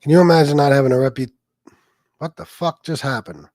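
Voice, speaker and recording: A man's voice: on the high side, fairly even intonation, fairly quick, darkish tone, dry recording, clean studio sound. A man hosting a casual livestream, telling stories and talking in a blunt, profane way while answering his chat. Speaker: livestream host reading chat.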